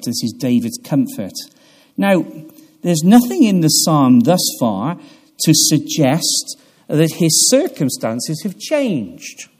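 A man delivering a sermon in a slow, measured way. His high voice rises and falls widely, sinking to near-whispers and then swelling with earnest emphasis. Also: breathy edge. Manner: earnest, dramatic swells and hushed drops. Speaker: pastor.

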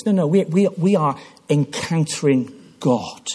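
A man delivers a sermon in a church. His voice is husky and sits a little high. His delivery swings widely in pitch, full of passionate restarts. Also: animated, unhurried, mellow. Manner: impassioned storytelling with repeated restarts. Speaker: preacher.

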